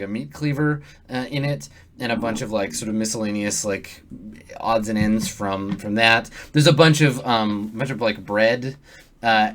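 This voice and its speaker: A man's voice: on the low side, a bit bright. A man narrating as game master in a tabletop game, loose and hesitant with many fillers.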